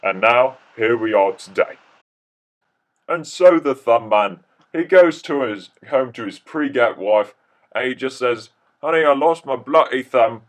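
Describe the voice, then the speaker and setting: A man's voice: medium pitch, animated, unhurried. A man telling a comic mock-documentary story, rambling, jokey and full of restarts.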